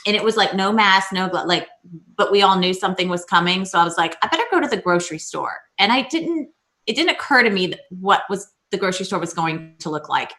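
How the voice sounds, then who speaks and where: A woman on a video call, chatting casually and telling animated stories, acting out what people said. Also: medium pitch, brisk. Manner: animated storyteller, acts out quotes. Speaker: guest.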